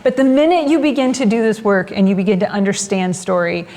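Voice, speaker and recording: Animated woman in her forties, reverberant room. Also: mid-range voice, fairly quick. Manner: animated, laughing asides, quotes people. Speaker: guest's wife. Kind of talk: casual interview talk.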